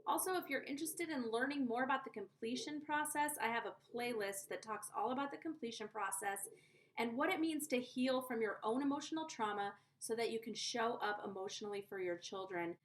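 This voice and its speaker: A woman's voice: on the high side, a little fast. A woman giving parenting advice in a casual vlog, chatty and earnest, often checking in with the viewer. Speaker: conscious parenting coach.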